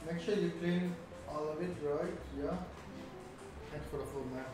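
A man chatting as a guest, soft-spoken and polite. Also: fairly high pitch, normal speed, over loud music. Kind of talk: casual chat. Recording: very echoey room with background noise.

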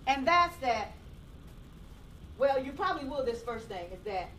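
A woman's voice: high-pitched, expressive, a little slow, pauses often, fairly bright tone, a little hiss or hum. A woman gives a folksy, emotional tribute to a relative and reads a passage aloud. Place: library event room. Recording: voice from a distance.

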